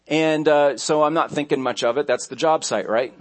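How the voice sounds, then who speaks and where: A man's voice: a little high, normal speed. A man pastor delivering a sermon, telling stories conversationally, with restarts and asides along the way.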